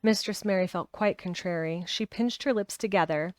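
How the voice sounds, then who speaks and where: A woman reading a children's novel aloud in steady storybook narration, with a few small restarts. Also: on the low side, normal speed, dry recording, clean studio sound. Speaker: reader.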